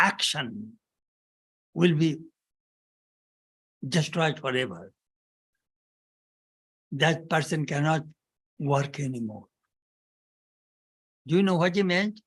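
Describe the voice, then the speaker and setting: A man with a fairly high voice delivers a spiritual talk as a swami. He tells stories and hammers home key words by repeating them several times.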